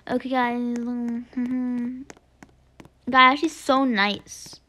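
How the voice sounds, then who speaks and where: A woman giving chatty gameplay commentary, excitable, gasping often and dropping into whispered asides. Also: fairly high pitch, drawn-out words. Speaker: gaming video creator.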